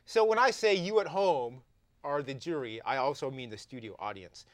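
A man's voice: medium pitch, expressive, normal speed, no echo, clean studio sound. A young adult man with a Canadian accent, hosting a live comedy talk show and playfully reading viewer tweets aloud. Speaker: host.

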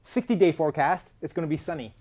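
A man's voice: a little high, fast talker, darkish tone. A man co-hosting a casual show, joking and rambling, often trailing off mid-sentence. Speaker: podcast co-host. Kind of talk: casual chat.

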